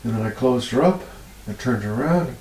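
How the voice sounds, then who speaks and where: Here a healer guest recounts stories in an interview, an animated teller who laughs a lot and whose voice rises high with emotion. His pace is a little fast, captured on a low-quality recording with a roomy feel.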